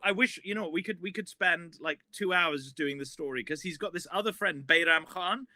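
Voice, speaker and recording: A man who is a guest historian, telling a story in a casual, animated way that rambles with many restarts. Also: a little high, a little fast, dry recording.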